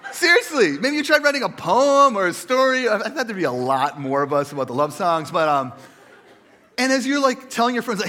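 Animated man preaching a sermon. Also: high-pitched, fairly quick. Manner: animated storytelling with audience asides. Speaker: pastor.

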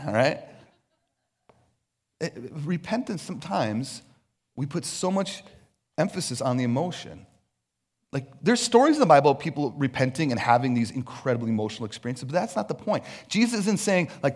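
A man's voice: on the high side, sing-song, moderate pace. A man preaching a sermon on stage in a loose, conversational way, acting out little voices as asides. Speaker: pastor. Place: on stage before a congregation.

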